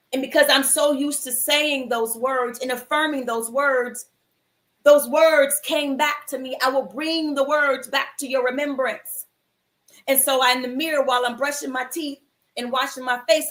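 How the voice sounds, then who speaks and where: High-voiced woman telling an animated story. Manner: animated, acts out quoted voices, casual slang. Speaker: host of a mindfulness livestream. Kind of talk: inspirational storytelling to viewers. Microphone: livestream computer mic.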